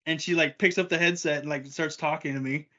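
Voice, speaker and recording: A man's voice: fairly high pitch, fairly even intonation, fairly quick, pushed and bright, lo-fi sound. A man co-hosting a casual podcast chat, telling a rambling anecdote and laughing often. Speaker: podcast co-host.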